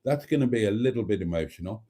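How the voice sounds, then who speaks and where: A man's voice: on the low side, lively intonation, quick pace, warm tone. A man hosting his own channel, talking casually and ramblingly to his viewers in a camp, fond way, sitting at a table indoors. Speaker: channel host.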